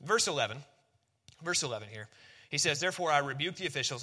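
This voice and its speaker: A man's voice: on the high side, animated, fast talker, long pauses, pushed and bright. A man preaching a sermon, conversational and emphatic, often repeating key phrases. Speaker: pastor.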